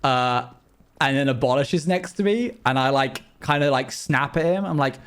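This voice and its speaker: A man's voice: mid-range voice, a bit bright, clear, resonant tone. A young man, chatting playfully with his audience while livestreaming a game. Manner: chatty, quick asides and playful exclamations. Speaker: streamer. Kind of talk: live game stream chat.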